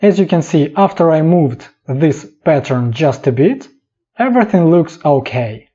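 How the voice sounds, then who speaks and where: A man talks through a software tutorial slowly and calmly, one clipped step at a time. His voice is dark and a little husky, though his pitch moves a lot. The voice-over sounds dull and lo-fi. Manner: calm, instructive, short clipped steps.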